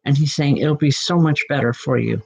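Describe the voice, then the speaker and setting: A woman working as a psychic medium, giving live spirit readings in a reassuring way, often breaking into soft laughter. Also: deep voice, brisk, creaky, breathy edge, poor audio.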